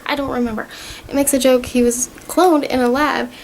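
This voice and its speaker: A woman's voice: high voice, steady tone, a little fast, gravelly, slight background noise, rough recording. A young woman vlogger casually recapping a TV season, rambling and gushing as she retells scenes.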